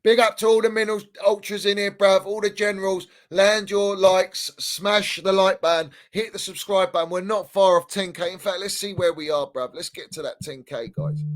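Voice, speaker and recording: A man's voice: sits high, fairly even intonation, moderate pace, hardly any pauses. A man hosting a fan channel livestream, ranting heatedly in slang and repeating himself. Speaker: football fan channel host.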